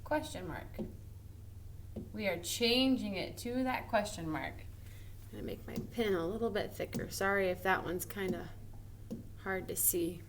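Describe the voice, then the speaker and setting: A woman teacher giving a recorded grammar lesson to first graders, slow and encouraging, drawing out her example sentences expressively. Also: medium pitch, background noise. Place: home or classroom at a smartboard.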